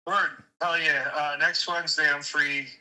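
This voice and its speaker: A man calling into a podcast, upbeat and relaxed in casual chat. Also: on the high side, normal speed, poor audio. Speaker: caller.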